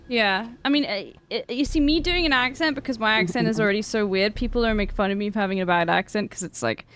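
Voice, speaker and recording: A woman's voice: medium pitch, fast, a bit bright, a little hiss or hum. A woman streamer with a neutral English accent chatting casually with friends on a voice call, rambling and laughing often. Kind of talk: casual chat over voice call.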